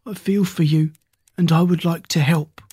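A kindly, mysterious old man, played by a storybook narrator speaks slowly in a hoarse, breathy voice. He stays calm and patient. The sound is dry and close to the mic. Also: medium pitch, no room sound, natural voice. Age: older. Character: mysterious wise old man with a strange cane.

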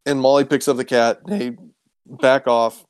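A man's voice: medium pitch, flat delivery, measured pace, clean tone, no echo. A man casually recapping an episode, rambling with ums and acting out quoted lines. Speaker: podcast co-host recapping a show. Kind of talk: casual chat.

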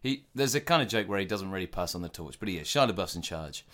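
A man's voice: low-pitched, animated, fast, a bit bright. A man chatting casually and playfully, riffing on comic ideas. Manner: playful, acts out silly voices. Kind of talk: casual comedic chat.

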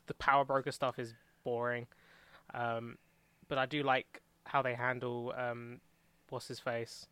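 Bright, crisp young man chatting. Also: medium pitch, dry recording. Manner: laughs often, acts out characters in quick mocking voices. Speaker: podcast co-host. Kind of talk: casual chat.

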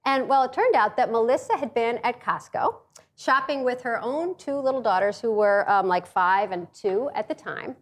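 A lively American woman in middle age tells a comic story to an audience, her voice bright and high. She swoops all over her range, laughing and slipping into quick acted-out voices as she goes. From United States. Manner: animated, acts out voices, laughs often. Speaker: speaker giving a talk.

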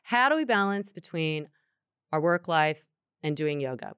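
A woman co-hosting a yoga talk, explaining anatomy in a chatty, animated way. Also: deep voice, a little slow, smooth, dry recording, clean studio sound. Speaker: yoga co-host answering questions. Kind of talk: casual podcast chat.

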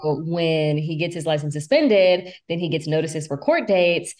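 A woman's voice: deep voice, normal speed, a little mellow. A young woman co-hosting a reality TV recap podcast, talking bluntly and animatedly and swearing freely. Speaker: podcast co-host. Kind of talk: casual recap chat.

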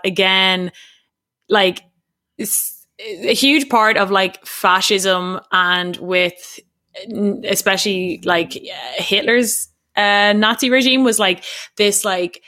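A woman's voice: mid-range voice, fairly even intonation, a little slow, bright, forceful tone. A woman co-hosting a podcast in casual chat, rambling and hesitant with self-mocking asides. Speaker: podcast co-host.

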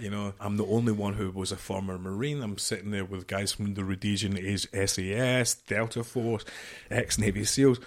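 A middle-aged man, a podcast guest, telling a story in an animated, swearing way and acting out the dialogue. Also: lowish voice, brisk. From United Kingdom.

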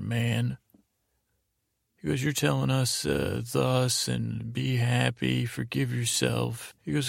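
A man hosting a sleep podcast, recapping a show in a meandering, halting way with lots of fillers and restarts. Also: medium pitch, little pitch movement, gravelly, dry recording, clean studio sound. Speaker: podcast host.

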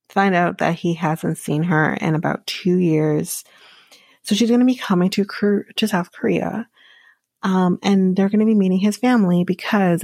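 Woman, podcast host, casual TV recap, lowish voice, vocal fry, dry close sound, wry asides. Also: darkish tone, dry recording. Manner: chatty with wry sarcastic asides.

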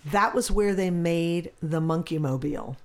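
A woman from the United States, a guest chatting casually and telling a lively anecdote, acting out the voices of the people in it. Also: on the low side, measured pace. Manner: animated, acts out voices in her anecdotes. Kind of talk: casual storytelling.

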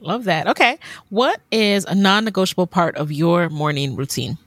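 A woman's voice: fairly low pitch, normal speed, a bit bright, dry recording. A woman hosting a podcast interview, affirming her guest and moving through questions. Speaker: podcast host.

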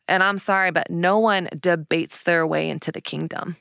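A woman hosts her own podcast and tells a personal story in a candid, lively way, full of casual fillers. Her voice sits a little low, and the close mic sound is dry. Her delivery is relaxed and conversational. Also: moderate pace, gravelly, hardly any pauses, clean tone, no room sound. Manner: candid, animated retelling with laughs and fillers. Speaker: podcast host.

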